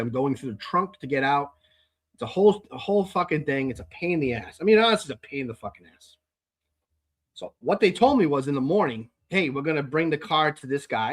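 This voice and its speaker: A man hosting his own show, telling a long story in an exasperated, profane rant and often repeating words as he talks. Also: mid-range voice. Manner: exasperated, heavy swearing, repeats himself. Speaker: podcast host. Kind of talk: casual ranting monologue.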